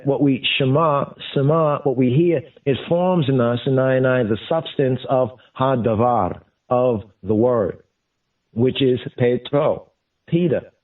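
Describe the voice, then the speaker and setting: A man teaching scripture in a deliberate way, repeating and glossing each term as he goes. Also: medium pitch. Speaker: Bible teacher. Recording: distant, phone-like lo-fi sound.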